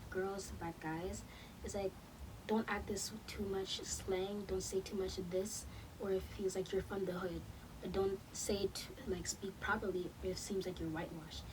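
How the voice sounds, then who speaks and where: A teenage girl in a group discussion, halting and often restarting. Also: mid-range voice, fairly even intonation. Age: teens. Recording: distant mic with background noise.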